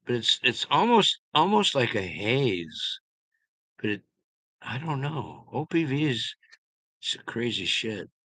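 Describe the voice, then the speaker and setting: A man's voice: medium pitch, sing-song, slow pace, pushed and bright, husky, no echo. A man streaming live, chatting loosely with viewers, rambling and swearing freely. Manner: rambling, profane, talks to chat by name. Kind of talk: casual live-stream chat.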